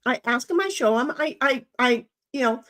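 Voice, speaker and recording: A woman's voice: high voice, lively intonation, normal speed, a bit bright. An older woman hosting a live stream, chatting bluntly and with salty language, acting out both sides of her conversations. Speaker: stream host. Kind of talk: casual chat on a live stream.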